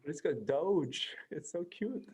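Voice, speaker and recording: A man's voice: fairly high pitch, animated, slow, mellow. A man hosting a podcast, casual and upbeat, laughing often as he leads the conversation. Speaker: podcast host.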